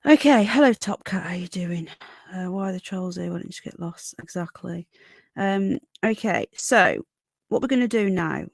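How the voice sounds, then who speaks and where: Tired, gravelly-voiced woman hosting a livestream. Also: on the low side, normal speed, dry recording, studio quality. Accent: Northern English. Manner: greets viewers by name while reading chat; calls viewers darling and sweetheart. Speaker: livestream host. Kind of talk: casual livestream chat.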